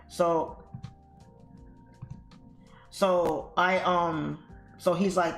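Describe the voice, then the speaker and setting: A woman's voice: fairly low pitch, slow pace, pauses often. A woman host chatting casually to her viewers, telling an exasperated story with salty language and calling them y'all. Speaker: trading livestream host. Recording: roomy echo with faint music.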